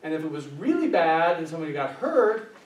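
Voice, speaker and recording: Male workshop presenter, slightly high voice, engaging and question-driven, recorded far off in a roomy space. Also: sing-song, fairly quick. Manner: engaging, asks the group questions; acts out quoted voices. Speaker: workshop presenter, social worker. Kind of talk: live lecture to a small group. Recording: echoey room from a distance, faint hiss.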